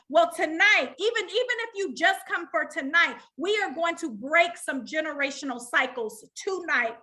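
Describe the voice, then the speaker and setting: A woman leads a live online motivational session. Her voice sits high, and she talks like a preacher, calling to her audience for answers. The tone is bright and forceful throughout. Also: expressive, moderate pace, few pauses. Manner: preacher-like call and response with the audience. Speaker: life coach.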